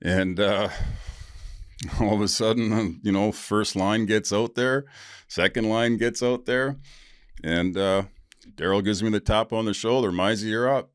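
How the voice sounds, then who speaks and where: A middle-aged man with a notably deep voice talks in an easygoing, rambling way, full of "uh" and quick chuckles. He hosts his own podcast and sounds close and dry, with no room around him. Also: no echo. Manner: laid-back, laughs often, many fillers. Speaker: podcast host. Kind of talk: casual storytelling and recovery reading.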